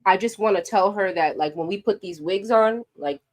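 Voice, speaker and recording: In a mid-range voice at normal speed, this sassy New Yorker vlogs her opinions to camera, animated and speaking straight to her audience.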